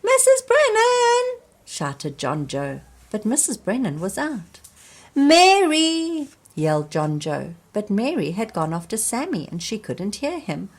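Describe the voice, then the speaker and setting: A woman reading a children's storybook aloud, slowly and expressively, speaking to young listeners. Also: on the low side, husky. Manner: slow, expressive, addressing children. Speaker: storybook reader.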